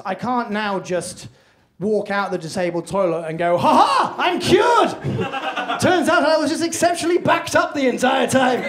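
A young man performing a stand-up comedy set on a club stage, telling a story with lively acted-out voices. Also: high voice.

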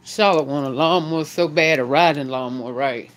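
Speaking fairly quickly in a deep voice, a woman vlogs for her viewers, filming herself indoors at home and later on the porch outside. She's chatty and lively, looking right into the camera.

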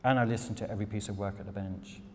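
An irreverent English silversmith gives a lecture with slides in a big, echoey lecture hall, speaking rapid-fire in a lowish voice with fairly even intonation. He's candid and swears casually. The recording has long hall reverb and faint noise.

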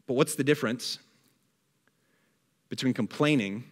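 A man preaching a sermon, reading scripture aloud and acting out a grumbler's complaints with lively energy. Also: medium pitch, measured pace, long reverb tail. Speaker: pastor. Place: church hall.

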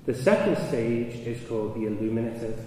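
A man's voice: medium pitch, a little fast. Man, conference talk, storytelling, long hall echo, distant mic. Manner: storytelling, rising and loud in anecdotes. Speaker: speaker. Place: large hall. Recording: echoey hall, mic from afar, noisy.

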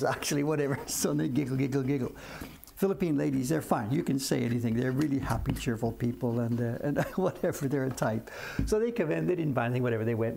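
A man's voice: medium pitch, gravelly, warm tone, slight background noise. An older man from Canada chatting casually on a live stream from his print shop bench, telling rambling stories full of restarts and asides. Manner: chatty storyteller, many restarts and "whatever".

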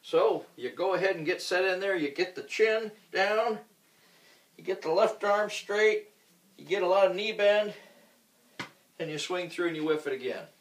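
A man teaching golf, with a fairly high voice and a loose, joking manner as he acts out scenes while swinging. He is recorded indoors from a distance, so his voice sounds roomy and a little far away. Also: moderate pace. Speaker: golf instructor. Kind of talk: instructional talk with demonstration.

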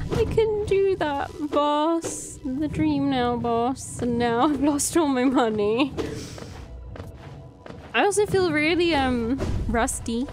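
A woman's voice: high voice, slow pace. A young woman chatting and reacting expressively while playing a video game, often swearing and laughing. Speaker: game streamer. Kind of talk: casual let's-play commentary. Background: game music.

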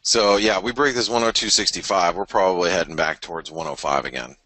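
Man, deep voice, bright forceful tone, dry close sound, tired, rambling market talk with fillers. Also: brisk, hardly any pauses, dry recording, low-quality recording. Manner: loose, rambling, many fillers and restarts. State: tired and yawning. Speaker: trading show host. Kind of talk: live market chart analysis.

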